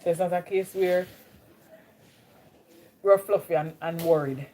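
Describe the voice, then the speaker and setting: Here a livestream host, a woman from Jamaica, keeps a casual chat going with her viewers and welcomes them by name, her Jamaican accent clear. Her fairly low, dark voice moves at a measured pace.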